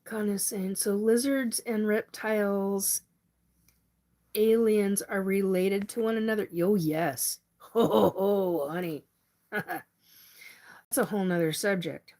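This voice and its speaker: A woman's voice: mid-range voice, slow, mellow. A woman hosting a live stream, chatting casually and reading out viewer comments, cursing freely when riled. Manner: chatty, swears when angry.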